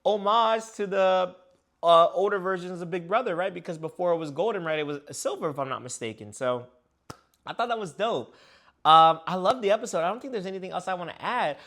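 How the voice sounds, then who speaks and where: A man's voice: high-pitched, expressive, fairly quick, a bit bright. A young man casually reviewing a reality show episode for his video channel, chatty and full of slang. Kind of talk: casual reaction chat.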